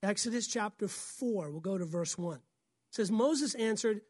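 A woman pastor, preaching a sermon in an animated way, often acting out voices and laughing. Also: medium pitch, measured pace, slightly rough, no room sound.

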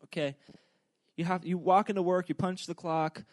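Young man preaching, slightly high voice, joking and rambling, dry close sound. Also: fairly even intonation, normal speed, dry recording. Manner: joking, rambling, self-deprecating. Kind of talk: humorous casual sermon.

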